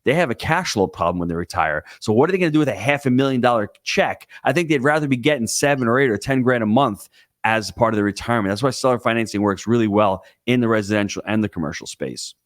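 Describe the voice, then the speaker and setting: Guy guest on a podcast, emphatic and pumped up, dry close sound, middle pitch. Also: fast talker, no room sound. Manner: emphatic, excitable, coaching tone. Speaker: guest real estate investor. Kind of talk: podcast interview.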